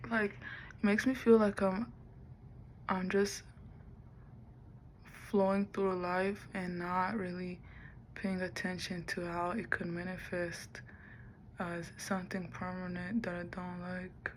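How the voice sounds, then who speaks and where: A woman's voice: fairly low pitch, flat delivery, takes it slowly, long pauses, a little hiss or hum, low-quality recording. A woman talking to the camera in a rambling personal vlog, musing aloud and drifting between topics. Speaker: vlogger.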